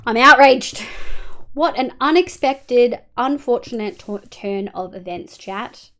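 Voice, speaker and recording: A woman's voice: a little high, animated, unhurried. An Australian woman streaming a game live, talking casually and swearing often as she chats with viewers over a headset.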